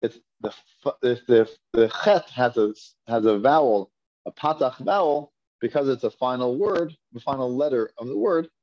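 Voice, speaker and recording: A man's voice: mid-range voice, animated, moderate pace. A man teaching a Hebrew reading lesson, patiently repeating and drilling each pronunciation for his students. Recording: dull lo-fi classroom recording.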